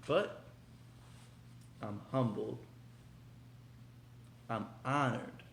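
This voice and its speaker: Hyped young man with a gravelly voice. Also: medium pitch, a little slow, pauses often, slight background noise. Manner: excitable, slangy, hyped. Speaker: vlogger. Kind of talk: casual unboxing vlog. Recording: echoey room.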